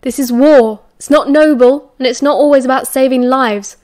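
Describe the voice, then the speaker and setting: A woman's voice: a little high, fairly even intonation, quick pace, lightly acted. A woman with a British accent voicing a stern older man who lectures seriously. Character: stern older man, a blunt wartime mentor.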